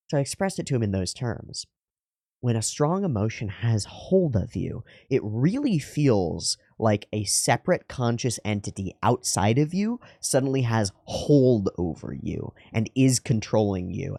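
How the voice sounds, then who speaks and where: A man's voice: lowish voice, gravelly, mellow, no echo, clean studio sound. A man hosting an anime reaction video, thinking aloud in earnest, musing commentary with frequent restarts. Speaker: anime reaction channel host. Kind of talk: reflective commentary.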